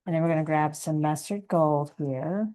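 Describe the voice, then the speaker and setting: A woman with a lowish, warm voice talks through a painting lesson step by step. She sounds relaxed and encouraging, and she thinks aloud about each brushstroke as she works. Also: moderate pace, rough recording. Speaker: painting instructor.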